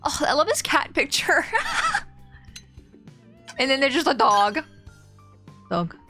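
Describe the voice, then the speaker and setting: A young woman streaming a video game, chatting casually with her viewers, excitable and giggly as she reacts to what happens on screen. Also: high-pitched, slow, over music. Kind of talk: casual gameplay commentary.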